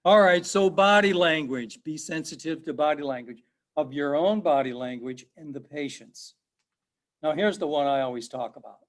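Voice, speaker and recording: A middle-aged man who teaches as a professor lectures an online class at a moderate pace, his voice a little high. He talks conversationally, repeats points and tests his students with questions.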